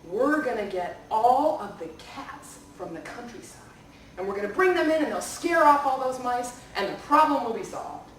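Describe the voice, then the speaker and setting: A woman's voice: fairly high pitch, animated, moderate pace, a little hiss or hum, pitched above the performer's own voice, natural voice. A woman voicing a group of eager royal advisors in a folktale. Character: scheming royal advisors, plotting. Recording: echoey room from far off.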